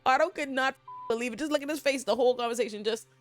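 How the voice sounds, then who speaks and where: Woman host, casual profane TV recap, animated and amused. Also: sits high, rapid-fire, no echo.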